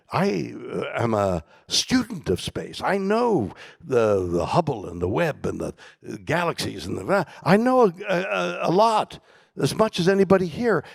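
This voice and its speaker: Older male keynote guest, theatrical storyteller with a lively, swooping delivery and a dry close sound. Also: on the high side, creaky, no room sound. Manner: theatrical, swings from loud bursts to hushed whispers. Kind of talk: dramatic storytelling conversation. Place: conference stage.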